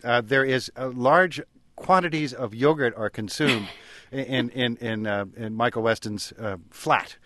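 A man's voice: mid-range voice, measured pace, noisy background. A man hosting a radio call-in show, introducing callers in an easygoing way with some stumbling restarts. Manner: relaxed, hesitant with restarts. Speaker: radio talk show host.

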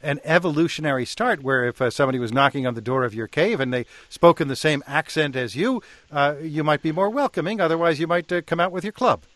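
A man's voice: on the high side, quick pace, a bit bright, dry recording. Man hosting a call-in radio show. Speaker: radio talk show host.

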